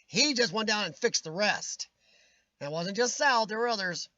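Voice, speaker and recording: A man's voice: high-pitched, animated, normal speed, sharp tone, no room sound, lo-fi sound. A man hosting a casual live-stream chat, ranting with strong opinions and answering viewers' comments by name, his voice starting to wear out. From United States. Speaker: livestream host reading chat.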